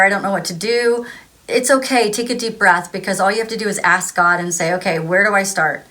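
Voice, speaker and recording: Woman, spiritual vlogger, loose rambling delivery, average pitch. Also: a bit bright. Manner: rambling, filler-heavy, acts out voices. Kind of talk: casual spiritual advice talk.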